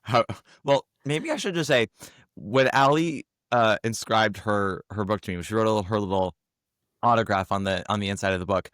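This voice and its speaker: A man hosting a podcast, hoarse from laryngitis, chatting in a campy, teasing way. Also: on the low side, fairly bright tone, no echo, studio quality. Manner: campy, teasing, quick jokes. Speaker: podcast host. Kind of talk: casual chat.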